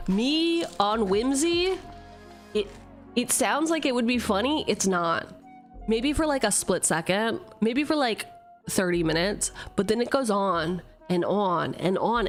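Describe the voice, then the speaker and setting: A woman chats through a card pack opening. She swears freely and keeps up a sarcastic, animated running commentary. Faint music plays softly behind her. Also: medium pitch. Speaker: vtuber opening card packs. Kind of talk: casual streaming chat.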